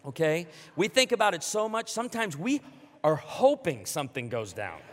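A man preaching a sermon to a congregation, animated and emphatic, joking along the way. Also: a little high, moderate pace, big-room sound, slight background noise. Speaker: pastor.

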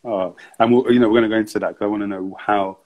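Relaxed low-voiced male interviewer. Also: racing, low-quality recording. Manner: relaxed, encouraging questioner. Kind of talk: casual interview questions.

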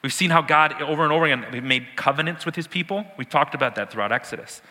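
A man's voice: fairly high pitch, fast talker, sharp tone, in a large hall. A man teaching a sermon, explaining words with emphatic repetition and the odd laugh. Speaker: preacher.

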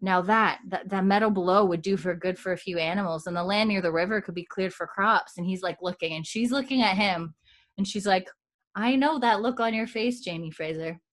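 A woman's voice: mid-range voice, a little fast. A woman co-hosting a podcast, casually retelling scenes and quoting the characters' lines. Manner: retells scenes with quoted lines, chatty and giggly. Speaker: podcast co-host. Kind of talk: casual recap chat.

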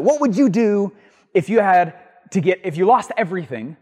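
A man's voice: lively intonation, moderate pace. Emphatic man teaching in a reverberant hall. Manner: emphatic, swings from loud bursts to low asides. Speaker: marketing podcast host. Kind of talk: energetic teaching monologue.

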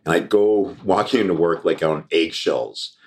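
A man with a low-sitting voice, speaking at a moderate pace, is a guest on a podcast. He tells a story casually, swearing and laughing while acting out what people said in an animated, profane anecdote full of quoted voices.

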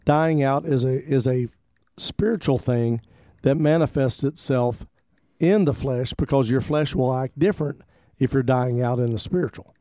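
Mellow-voiced man, easygoing pastor chat. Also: medium pitch, moderate pace, no room sound, clean studio sound. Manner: easygoing, rambling, repeats words while thinking. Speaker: pastor and co-host. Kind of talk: casual Christian radio talk.

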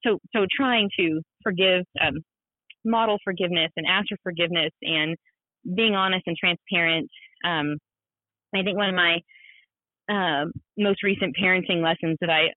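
A woman's voice: on the low side, no echo. Woman in her 30s, chatty podcast guest, narrow phone-line sound. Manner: animated, self-deprecating, laughs often, many fillers. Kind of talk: casual storytelling on a podcast. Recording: thin phone-like sound, dry.

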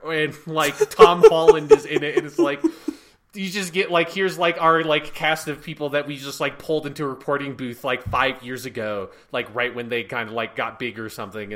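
Male podcast co-host, bright voice, sarcastic rambling banter. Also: fairly high pitch. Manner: rambling, sarcastic, heavy filler words. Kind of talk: casual chat.

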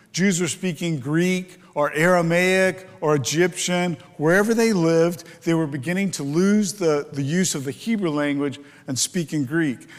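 A pastor preaches a sermon in a large hall, his voice a little high. He explains scripture in a teaching tone, using fillers and rhetorical questions.

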